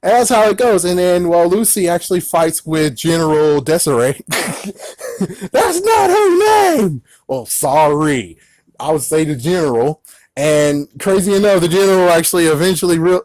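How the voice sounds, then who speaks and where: An excitable man talks through a film review in a loose, rambling way, with exclamations popping up as he goes. His voice sits a little higher than most men's. The sound is dry and close, with no room around it. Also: normal speed, no room sound. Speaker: movie reviewer. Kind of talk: casual movie recap.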